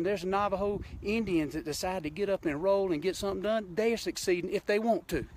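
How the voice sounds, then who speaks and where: This man's voice sits high and sounds a little mellow, with slight background noise behind it. He's a Southern-accented hunting show host from Georgia, ranting bluntly and folksily on a live stream from a mountain, shot on a handheld phone.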